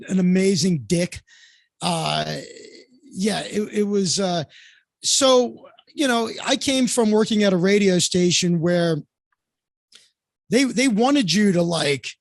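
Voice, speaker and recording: A man with a notably high voice tells a rambling story as a guest, circling back with fillers and restarts. He is from Florida. The sound is dry and close. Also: no room sound. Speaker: guest comedian. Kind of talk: casual anecdote telling.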